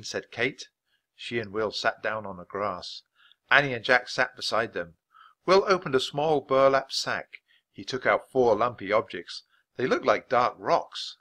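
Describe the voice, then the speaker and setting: A man reading a children's chapter book aloud for language learners, clear and measured. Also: medium pitch, animated, pushed and bright. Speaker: storybook reader. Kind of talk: scripted narration for language learners.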